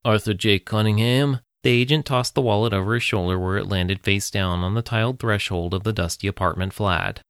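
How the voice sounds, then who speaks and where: A man reading a story aloud as narrator, in a steady, even manner. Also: lowish voice, brisk, few pauses, dry recording, studio quality.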